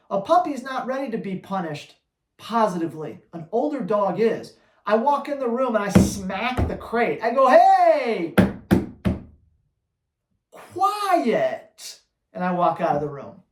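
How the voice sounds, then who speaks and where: A man who trains dogs, answering viewer questions on a live Q&A in a blunt, energetic, slangy way. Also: sits high, reverberant. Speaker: dog trainer.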